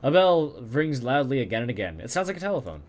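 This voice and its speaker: A man playing through a story-driven video game, reading its text aloud at an even pace. Between passages he mutters casual comments to himself in his ordinary speaking voice. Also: mid-range voice, quick pace. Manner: reads narration steadily, mutters casual comments. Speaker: let's play gamer.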